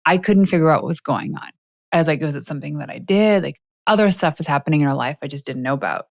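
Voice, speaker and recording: A woman with a fairly low voice hosts a podcast conversation. She tells personal stories in a lively, animated way and laughs often. Her voice sounds dry and close to the mic. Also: fast, no echo. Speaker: podcast host. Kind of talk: casual interview chat.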